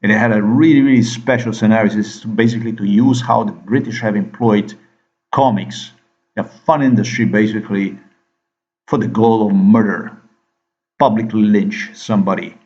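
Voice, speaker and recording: A man with a lowish voice rants in a long, repetitive monologue, hammering the listener with questions. The sound is dull and lo-fi. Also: steady tone, normal speed, darkish tone. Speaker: vlogger. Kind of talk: rambling monologue to camera.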